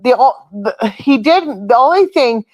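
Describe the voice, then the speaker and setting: A woman's voice: fairly high pitch, lively intonation, a little slow, darkish tone, no echo. A woman hosting a casual chat, telling a long rambling story and swearing freely. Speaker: host.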